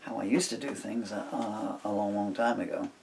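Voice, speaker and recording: Older man, songwriter, rambling muttered asides, gravelly voice, home studio. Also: on the low side, flat delivery, moderate pace, a little mellow, recorded from a distance, slight background noise. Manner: meandering, self-interrupting, muttered asides. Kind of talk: casual rambling talk while writing a song.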